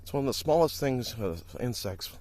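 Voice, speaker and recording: A man's voice: medium pitch, lively intonation, normal speed, a little mellow. A man from Wisconsin, chatting casually and a little out of breath as he walks outdoors along a country lane, filming on a handheld phone. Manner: rambling, chatty, talks while walking. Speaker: streamer. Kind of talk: casual walking vlog. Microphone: handheld phone while walking.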